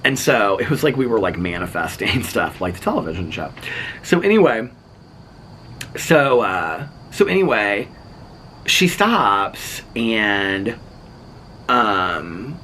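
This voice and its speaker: Vlogger, man, low-ish voice with a bright, forceful edge, rambling anecdote packed with fillers. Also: slow pace, long pauses, slight background noise. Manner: chatty, animated, acts out other people's lines; filler-heavy, lots of "like" and "so anyway". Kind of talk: casual storytelling.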